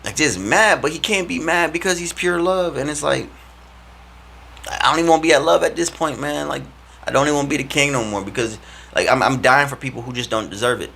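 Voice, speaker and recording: A man giving a casual, animated faith talk to his followers in a slangy, preachy way. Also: a little high, fairly quick, creaky, a little hiss or hum. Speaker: vlogger.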